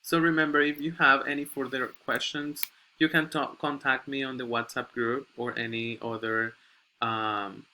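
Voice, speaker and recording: A man's voice: mid-range voice, flat delivery, normal speed, pushed and bright, a little hiss or hum. A male English teacher giving a recorded grammar lesson. He reads textbook examples aloud and keeps checking in with "okay?".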